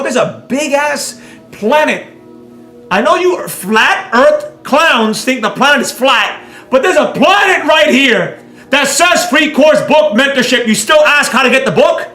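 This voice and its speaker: A man's voice: extremely high pitch, fairly bright tone, reverberant. A man teaching a live trading class in a brash, mocking, rambling way, with faint music behind. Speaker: trading instructor.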